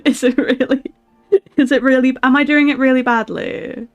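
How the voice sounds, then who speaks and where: A woman's voice: high-pitched, steady tone, moderate pace, dull audio. A woman streamer chatting casually with her viewers, giggling often and answering their questions. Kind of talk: casual live-stream chat. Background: faint music.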